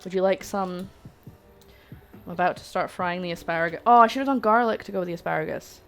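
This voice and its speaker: British woman, lowish voice, chatty live-stream cook, self-mocking, faint music behind. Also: quick pace, creaky. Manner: chatty, self-mocking, talks to chat while cooking. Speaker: cooking livestream host. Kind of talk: casual live cooking chat.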